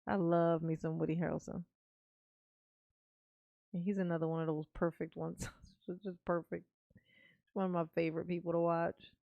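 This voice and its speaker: A woman's voice: on the low side, flat delivery, gravelly, no echo, narrow, tinny audio. A woman hosting a casual live stream, reading chat aloud, playful and laughing as she muses. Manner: playful, laughing, drawn-out musing. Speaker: livestream host reading chat.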